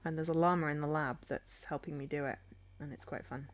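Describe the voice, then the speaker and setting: A woman's voice: low-pitched, steady tone, a little fast, a little hiss or hum. A young woman streaming a game, chatting playfully and giggling at her finds. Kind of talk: casual game stream commentary.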